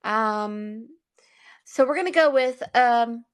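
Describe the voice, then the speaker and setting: A woman who gives spiritual readings talks in a loose, chatty and affectionate way during a casual livestream. Her voice sits slightly high. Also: takes it slowly, smooth. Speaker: psychic reader and guest.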